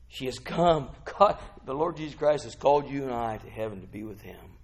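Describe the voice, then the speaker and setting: A man preaching a lively sermon. He reads the text aloud and keeps asking "huh?", swinging from quiet asides to whooping shouts. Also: mid-range voice, normal speed.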